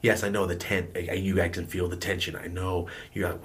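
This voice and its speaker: A young man telling a story about a bad work partner straight to camera, animated and full of swearing, with bursts of shouting and laughing. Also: sits low, fairly quick, hardly any pauses. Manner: profane, animated storytelling with outbursts. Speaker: vlogger.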